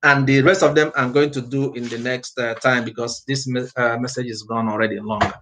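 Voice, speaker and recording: A man preaching a passionate sermon with an accent, exhorting his listeners and admitting he often speaks fast. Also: mid-range voice, little pitch movement, noisy background. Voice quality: non-native-sounding accent, unnamed. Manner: fervent, exhorting, speaks fast by own account. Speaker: prophet preaching. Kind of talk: impassioned sermon.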